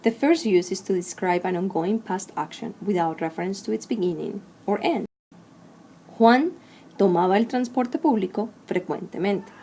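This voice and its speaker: Female language teacher, mellow tone, measured drilling delivery, faint hiss behind. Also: mid-range voice. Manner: slow, clear drilling of verb forms. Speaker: Spanish teacher. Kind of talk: recorded grammar lesson.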